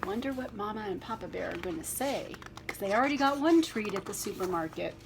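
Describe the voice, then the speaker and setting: A woman reading a children's picture book aloud, with gentle, chatty asides to young listeners. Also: mid-range voice, animated, fast, creaky, background noise.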